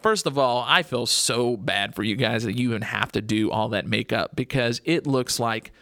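Bright, chatty radio host. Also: male voice, mid-range voice, no echo, clean studio sound. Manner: rambling, joking, chatty with many fillers. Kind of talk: casual radio talk. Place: radio studio.

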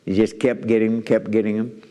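A male preacher with a somewhat low voice delivers an animated sermon, stammering into restarts and repeating his phrases. His voice rings out through a church hall with a long reverb trailing each line. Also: a little fast.

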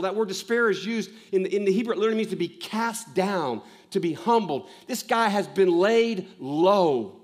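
Male preacher with a high voice, impassioned, swings between loud stress and hushed lows, repeats lines for emphasis. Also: moderate pace, hardly any pauses. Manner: repeats lines for emphasis, asks the listeners questions. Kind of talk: sermon.

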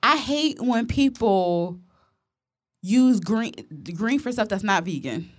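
A woman co-hosting a casual podcast chat, telling animated, profane stories. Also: on the high side, slow pace. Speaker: podcast co-host.

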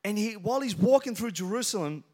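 A man in his thirties delivers a sermon with a noticeably high voice. He tells stories casually, then swells into loud, insistent declarations. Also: lively intonation, fast. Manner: storytelling, builds to loud emphatic passages. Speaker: pastor.

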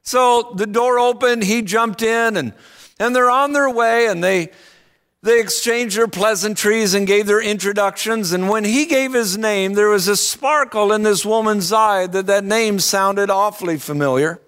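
A man preaching a sermon, telling a story in an earnest, deliberate way before turning to ask the listeners questions. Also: high-pitched, fairly bright tone, smooth. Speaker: pastor.

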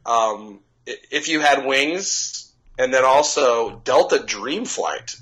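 A man's voice: mid-range voice, expressive, takes it slowly, a bit bright, breathy edge, rough recording. A man co-hosting a casual chat podcast, talking enthusiastically and rambling with frequent restarts. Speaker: podcast co-host.

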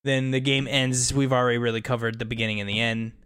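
A man's voice: medium pitch, little pitch movement, fast talker, fairly bright tone, clean tone. A man in casual chat about a video game, talking loosely, swearing freely and acting out characters' lines. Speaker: podcast co-host.

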